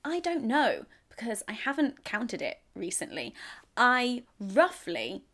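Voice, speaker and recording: A woman's voice: fairly high pitch, huge pitch swings, slow, fairly bright tone. A woman in her twenties from England, chatting casually to camera as a YouTuber, giggly and self-deprecating. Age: 20s.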